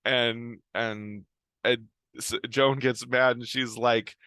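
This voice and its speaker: A man's voice: mid-range voice, steady tone, takes it slowly, pushed and bright, smooth, dry recording. A man retelling a show's plot in a casual, rambling way, full of ums and restarts. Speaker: show recapper.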